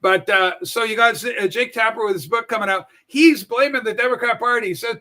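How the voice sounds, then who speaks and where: A man hosting a casual political talk livestream, brash and profane, with animated storytelling. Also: extremely high pitch, fairly quick, few pauses. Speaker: political talk show host. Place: home room with a Star Trek shrine.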